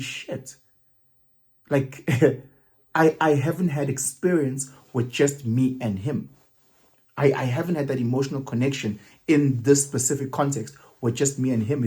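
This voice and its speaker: Man, 30s, husky mid-pitched voice, reflective vlog monologue with isiZulu slipped in. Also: moderate pace, warm tone. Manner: musing, mixes isiZulu words into English, hesitant restarts. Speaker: vlogger.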